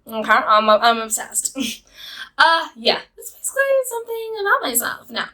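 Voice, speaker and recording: A woman's voice: on the high side, very animated, normal speed, bright, forceful tone, poor audio. A young woman vlogging, telling rambling stories to camera with lots of fillers and giggles. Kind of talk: casual storytelling to camera.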